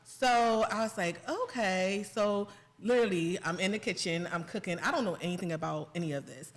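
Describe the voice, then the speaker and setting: A woman guest on a talk show, telling stories in a lively, casual way and laughing often. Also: medium pitch, normal speed. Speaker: guest, content creator and chef. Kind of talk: casual interview chat. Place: podcast studio.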